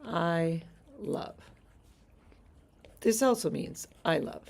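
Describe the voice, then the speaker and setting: A woman's voice: lowish voice, lively intonation, drawn-out words, gravelly, darkish tone. A woman teaching a Greek lesson on a live stream from a house deck outdoors. She explains things patiently and laughs easily.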